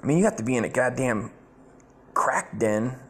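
A man's voice: mid-range voice, lively intonation, moderate pace, slightly rough. A man giving crude comedic reaction commentary, blunt, rambling and full of profanity.

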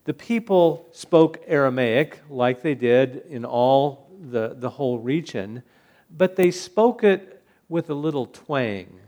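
A man, a pastor, preaching a conversational Bible sermon with frequent restarts. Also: fairly high pitch.

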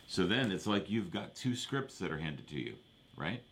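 Man, pastor, very low voice, casual sermon, repeats verses. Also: sing-song, normal speed, fairly bright tone, slight background noise. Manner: repeats verses, asks for amens, conversational preaching.

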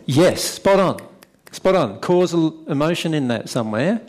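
A man explaining ideas in conversation, stressing key points and slowing down for emphasis. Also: on the high side, lively intonation, darkish tone. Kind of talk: conversational teaching.

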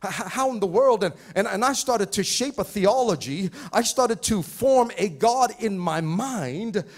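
A male pastor preaching a sermon, stammering and repeating words, building to shouted fervor. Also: high voice, animated, measured pace. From Pacific Islands. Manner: repetitive stammering restarts, rising to shouting fervor.

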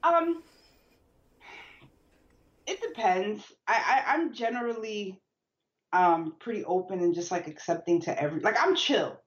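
A woman's voice: mid-range voice, animated, unhurried, pauses often, dull audio. A woman in casual chat who speaks in a laid-back, hesitant way with many fillers.

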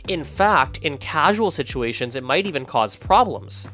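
A man from Canada, chatting casually to camera as a language-learning video creator, animated and often restarting his sentences as he thinks aloud. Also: a little high, normal speed, faint music behind.

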